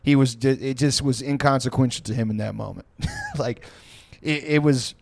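A man's voice: medium pitch, steady tone, moderate pace, creaky, no echo. Rambling, profane male storyteller. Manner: rambling, profane, many fillers. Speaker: podcast co-host. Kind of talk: casual storytelling.

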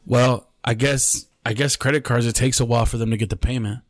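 A man voicing a grumpy, suspicious foreign motel clerk who speaks in halting, broken English. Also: mid-range voice, fairly even intonation, no echo, voice pushed down, lightly acted. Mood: suspicious grumbling.

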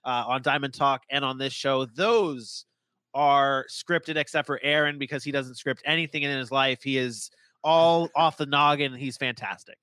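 A man hosting a casual sports podcast, excitable and quick to laugh, often repeating his words. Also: mid-range voice, clean tone, no room sound. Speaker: podcast host.

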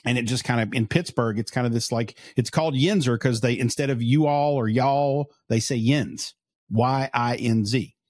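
A man's voice: mid-range voice, moderate pace, a little mellow, no room sound, studio quality. A man from Eastern Kentucky with an Eastern Kentucky accent, co-hosting a podcast and explaining things in a friendly, chatty way. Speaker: podcast co-host. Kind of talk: casual interview chat.

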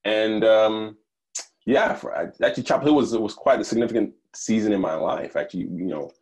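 Very deep-voiced man, thoughtful guest. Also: a little mellow. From Nigeria, raised in the United States. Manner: thoughtful, measured, with fillers and restarts. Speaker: podcast guest. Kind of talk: conversational interview.

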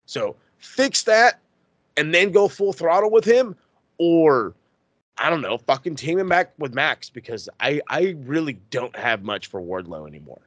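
A man's voice: a little high, very animated, a little slow, fairly bright tone, no room sound. A man hosting a casual wrestling podcast, ranting in a fired-up way and swearing constantly. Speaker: podcast host.

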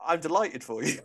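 A man's voice: medium pitch, a bit bright. Guy chatting on a soap podcast, keen and rambly, restarts a lot, middling voice. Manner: chatty, enthusiastic, restarts often. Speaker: podcast co-host. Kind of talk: casual chat about a soap opera.

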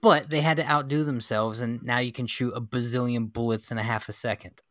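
A man's voice: mid-range voice, fairly even intonation, a little fast, fairly bright tone. A man co-hosting a casual movie chat, arguing his points with examples. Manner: argumentative, builds points with examples.

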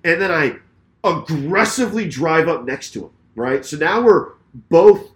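A man's voice: fairly high pitch, a little slow. A man co-hosting a podcast, retelling a road-rage story in casual chat, swearing freely and acting out the lines of the people in it. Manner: profane, animated retelling with acted quotes. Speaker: podcast co-host.

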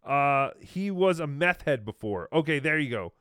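Male podcast host, fairly high, smooth voice, dry close sound, mocking asides. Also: lively intonation, moderate pace, fairly bright tone, dry recording. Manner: wry, mocking. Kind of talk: sarcastic commentary on a stream clip.

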